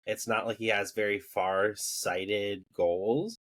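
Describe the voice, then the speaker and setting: Measured man with a lowish voice. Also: steady tone, a bit bright. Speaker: podcast co-host. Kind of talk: casual anime discussion.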